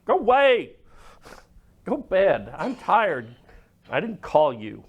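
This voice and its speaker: A man's voice: sits high, wildly swooping pitch, slow, slightly rough, lo-fi sound, full character voice. A man voicing a tired, grumpy old priest woken from sleep, grumbling and dismissive.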